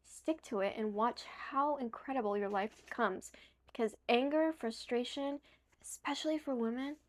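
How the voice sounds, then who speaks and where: A young woman talking straight to the camera, giving earnest, emphatic motivational advice and sometimes correcting herself mid-word; she sounds a little tired. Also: a little high. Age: young adult.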